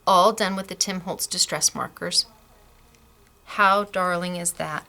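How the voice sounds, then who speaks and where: A middle-aged woman hosting a craft class, chatting warmly and gushing over samples, laughing often. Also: lowish voice, fairly even intonation, unhurried. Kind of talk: casual product demo.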